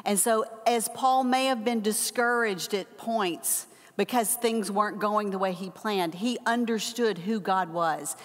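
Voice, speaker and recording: An older woman teaching a Bible lesson, telling a personal story with animated acted-out quotes. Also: medium pitch. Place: church hall. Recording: long hall reverb.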